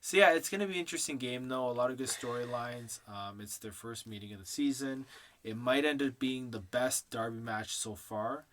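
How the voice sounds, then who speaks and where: A man's voice: medium pitch, fairly quick, a bit bright. A man co-hosting a casual sports podcast, teasing his friends and laughing often. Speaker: podcast co-host. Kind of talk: casual chat.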